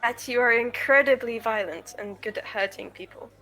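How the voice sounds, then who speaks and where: A woman playing a tabletop game, speaking in character in a measured, wry way. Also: on the high side, pushed and bright, low-quality recording. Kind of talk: casual in-character play.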